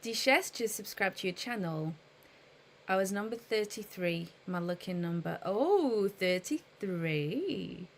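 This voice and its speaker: A woman's voice: mid-range voice, expressive, a little slow, slight background noise. A woman live streaming in casual chat, thinking aloud and patiently explaining trading to her viewers.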